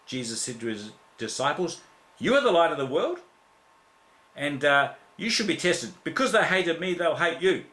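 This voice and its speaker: A man's voice: a little high, very animated, normal speed, bright, forceful tone, roomy sound. An Australian man preaching an impassioned sermon, repeating emphatic declarations, with many fillers and restarts.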